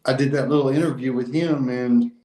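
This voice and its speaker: A man's voice: mid-range voice, fairly even intonation, brisk, dark tone, echoey room. A man co-hosting a podcast, an HVAC technician dropping short, dry remarks into casual chat.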